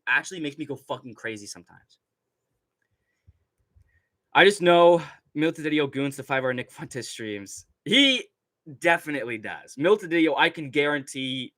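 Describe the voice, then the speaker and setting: A young man's voice sits on the high side, sounding pushed and bright with no room sound. He's hosting a casual stream, reading chat and rambling through swearing-heavy rants punctuated by frequent laughter.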